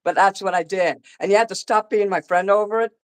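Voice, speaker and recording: Brief: agitated profane man on a call-in show, slightly high voice, rambling rant. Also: fairly even intonation, brisk, clean tone, low-quality recording. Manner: angry, profane, repeats himself, talks over the other speaker. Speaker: artist ranting on a call-in show.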